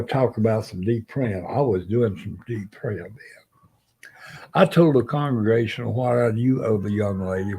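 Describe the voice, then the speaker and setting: Gravelly older male storyteller. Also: lowish voice. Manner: lively storyteller who acts out quoted voices. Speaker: Navy veteran guest. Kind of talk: spoken anecdote.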